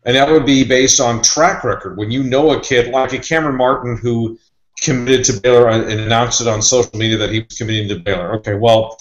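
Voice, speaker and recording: A man's voice: medium pitch, fairly even intonation, fairly quick, roomy sound, lo-fi sound. A man who reports on sports recruiting, talking in a loose, rambling, conversational way. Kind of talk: casual podcast chat.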